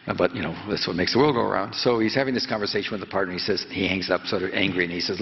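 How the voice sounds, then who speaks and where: A man in his seventies, a reporter telling a story and quizzing students in a lecture hall, halting and full of fillers. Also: low-pitched, vocal fry, background noise. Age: 70s. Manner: prods the audience with quick questions. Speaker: reporter giving a talk to students. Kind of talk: lecture storytelling with audience questions. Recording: echoey hall, dull lo-fi sound.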